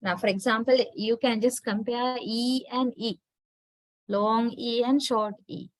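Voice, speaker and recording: A woman's voice: on the high side, steady tone, moderate pace, rough recording. Sri Lankan woman lecturing, checking in often. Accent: Sri Lankan English. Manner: explains step by step, checks with "right?". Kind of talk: university lecture on phonetics.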